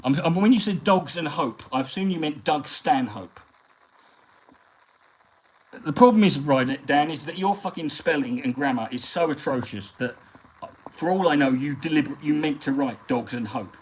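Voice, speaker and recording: A man hosting a live stream, talking in a rambling, sweary, animated way. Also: on the high side, normal speed, slight background noise, rough recording. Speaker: comedian and live-stream host. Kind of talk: casual live-stream chat.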